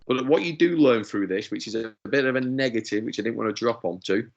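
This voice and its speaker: A man leads a motivational talk over a video call, his mid-pitched voice coming through dull and lo-fi. He talks emphatically and fires off rhetorical questions, slipping into small acted-out quotes as he goes. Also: fairly quick. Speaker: presenter.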